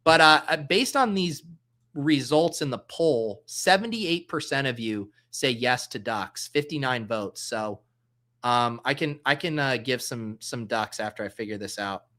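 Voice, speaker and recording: A man talks casually on a livestream, thinking out loud and tossing in jokes as he goes. His voice is bright and forward, at an ordinary middle pitch. He keeps up an easygoing, rambling chat with his viewers. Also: lively intonation, measured pace. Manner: thinks aloud, reads chat comments, loose and joking. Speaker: livestream host drafting fantasy football.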